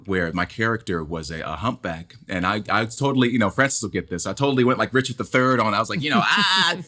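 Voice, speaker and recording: A male stage actor with a baritone voice, talking candidly and emphatically in conversation, often repeating words as he builds a point. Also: quick pace, sharp tone.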